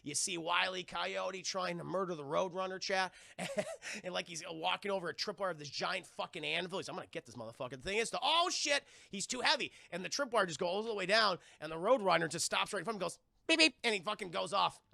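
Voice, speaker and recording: A man recapping a film on a live stream, rambling and profane, talking to his chat and slipping into shouted character bits. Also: high-pitched, a little fast, gravelly, dry recording, studio quality.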